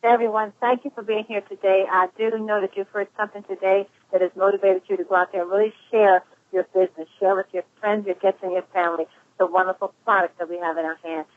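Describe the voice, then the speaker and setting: A woman pastor hosts a conference call, thanking and cheering on callers at a brisk pace. Her voice comes over a narrow, phone-like line. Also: medium pitch, flat delivery. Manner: warm, affirming, quick-talking.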